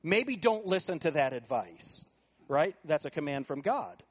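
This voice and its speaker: A middle-aged man preaching a sermon, asking the congregation rhetorical questions and moving between quiet asides and raised, emphatic points. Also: on the high side, big pitch swings, measured pace, breathy edge. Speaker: pastor.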